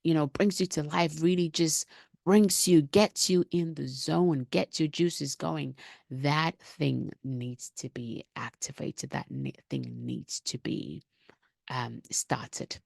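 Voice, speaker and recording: A woman's voice: low voice, fairly even intonation, slow, vocal fry, a little mellow, dry recording, clean studio sound. A middle-aged woman hosting a podcast, speaking in an emphatic, rallying motivational monologue full of repetition. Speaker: podcast host.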